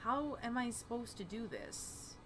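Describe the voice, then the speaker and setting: A young woman hosting let's play commentary, chatty and expressive, reacting out loud with yelps and the odd swear. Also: on the high side, unhurried, slight background noise. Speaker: gaming channel host. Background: game music.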